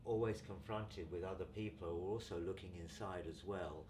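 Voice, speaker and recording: Older English man telling his story calmly. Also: deep voice, brisk. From England. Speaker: guest, community founder. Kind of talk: relaxed storytelling interview. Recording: distant mic with noticeable background noise.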